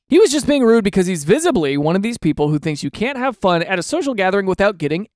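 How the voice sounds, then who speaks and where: A man doing comic commentary on online posts, animated and mock-exasperated, slipping into silly voices. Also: high-pitched, fast talker, few pauses, no room sound. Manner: drops into silly quoted voices. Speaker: comedy commentator.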